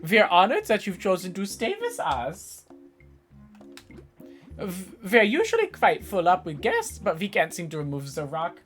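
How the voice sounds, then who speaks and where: A woman's voice: lowish voice, expressive, fast talker, fairly bright tone, soft background music. A woman voicing a cheery, overly polite lodge keeper, reading game dialogue aloud with an affected accent and a grand hospitable manner. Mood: grandly welcoming.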